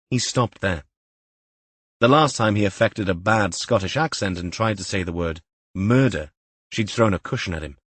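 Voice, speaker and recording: A man narrating a crime audiobook in a measured, even way. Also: fairly low pitch, breathy edge, no echo. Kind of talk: scripted narration.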